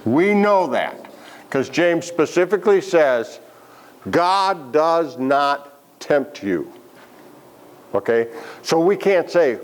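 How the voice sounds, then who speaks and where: A man's voice: a little high, lively intonation, slow, long pauses. A man leading a Bible study class, asking the group questions and making joking asides. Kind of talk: interactive Bible lesson.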